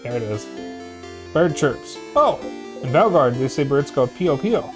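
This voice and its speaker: A man's voice: medium pitch, sing-song, unhurried. A man streaming a video game, chatting casually and tiredly, with some swearing. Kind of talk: casual let's-play chat. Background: game music.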